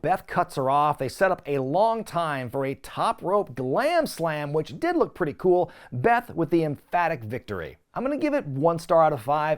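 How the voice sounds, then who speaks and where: Man, sarcastic review host, lively swinging pitch, slightly high voice, comic recap delivery. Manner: sarcastic, animated, mimics quotes in exaggerated voices. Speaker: wrestling review show host. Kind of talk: recap commentary with comic asides.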